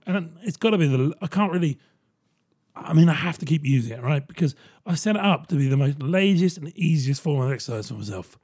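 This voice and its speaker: A man's voice: fairly high pitch, expressive, brisk, a little mellow, husky. A man hosting his own podcast in a rambling, sardonic monologue, swearing freely. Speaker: podcast host. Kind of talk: casual solo podcast monologue.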